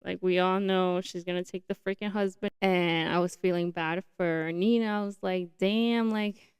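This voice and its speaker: A young woman hosting her own podcast on a new mic setup, chatting casually and excitably. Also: on the low side, normal speed, clear, resonant tone, no room sound. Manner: chatty, excitable, says like a lot. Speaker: podcast host. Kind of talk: casual solo podcast chat.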